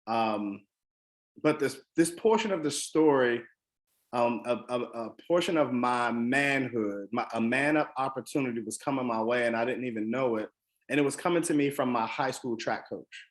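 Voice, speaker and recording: A man from the Washington DC area tells a personal story to motivate his listeners. He speaks earnestly and emphatically, often pausing on "um" and restarting his sentences. His voice sits at an ordinary middle pitch.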